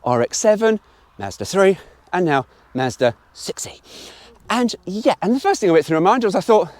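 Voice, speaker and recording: A middle-aged man talks his way around a car in a casual, opinionated review. His voice sits slightly high for a man and swings widely in pitch. He is frank, chatty, and swears now and then. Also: very animated, normal speed, a little mellow, dry recording.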